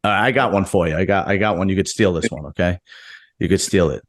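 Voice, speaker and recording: A man's voice: low voice, fast talker, dry recording, clean studio sound. A man hosting a casual podcast, joking and swearing, with lots of restarts. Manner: loose, swearing, jokey, frequent restarts. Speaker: podcast host. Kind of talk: casual locker room chat.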